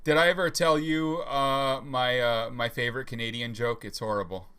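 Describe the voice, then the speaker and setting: A man's voice: mid-range voice, steady tone, normal speed, crowd noise. A male podcast host in casual livestream chat, a rambling, chatty storyteller.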